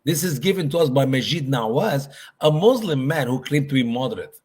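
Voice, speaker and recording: A man's voice: medium pitch, lively intonation, fairly quick, darkish tone, slightly rough. A man speaking as a guest in a conversational discussion, emphatic and repeating his points for stress.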